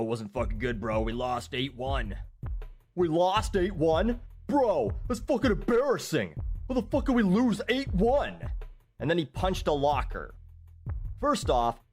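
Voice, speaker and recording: A man telling a comedic story in a dry, sarcastic, profane way. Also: medium pitch.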